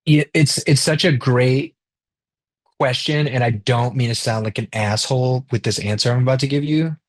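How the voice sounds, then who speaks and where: A man's voice: mid-range voice, moderate pace. A man in his thirties, a guest in an interview, telling stories casually, acting out the people he quotes and swearing freely. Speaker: interview guest, rapper and director.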